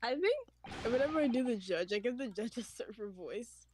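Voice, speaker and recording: A woman's voice: on the high side, animated, moderate pace, background noise. A woman chatting casually in a group voice call, joking a lot and using heavy slang. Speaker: friend in voice chat.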